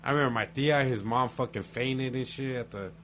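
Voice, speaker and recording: A man's voice: medium pitch, fairly quick, a bit bright, a little hiss or hum. A man telling stories in casual chat, profane and laid-back, acting out the quotes.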